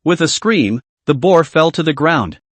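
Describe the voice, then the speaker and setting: A man's voice: on the high side, animated, unhurried, a bit bright, dry recording. A man narrating a web comic recap, telling the story steadily with asides to viewers.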